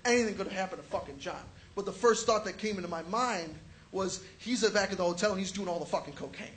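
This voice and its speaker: A man's voice: sits high, quick pace, fairly bright tone, a little hiss or hum. A young man doing a stand-up comedy set, telling crude, profane stories and acting out quotes. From Chicago area.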